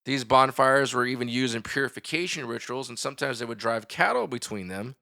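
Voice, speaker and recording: Middle-aged male podcast co-host, bright tone, relaxed and joking as he reads facts. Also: medium pitch, a little fast, creaky. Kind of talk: casual chat.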